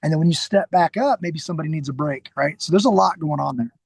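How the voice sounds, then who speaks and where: Fairly high-pitched with some vocal fry, this middle-aged podcast guest talks at a quick pace with no echo. A security trainer by trade, he tells casual, animated stories, performing quoted lines and frequently starting sentences over.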